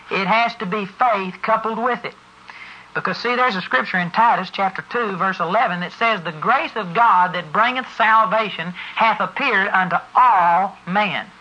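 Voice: mid-range voice, bright, forceful tone. A preacher giving an emphatic sermon to a congregation that answers back, driving points home and spelling words out for stress. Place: church service before a congregation. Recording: dull lo-fi recording.

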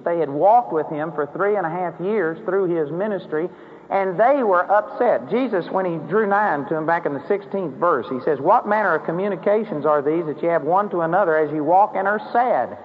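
A man with a high voice preaches casually to a congregation, his pitch climbing when he acts out pleading prayers. The recording is dull and slightly muffled, with a long hall echo and a faint hiss underneath. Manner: conversational preaching that rises into emphatic acted prayers. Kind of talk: sermon.

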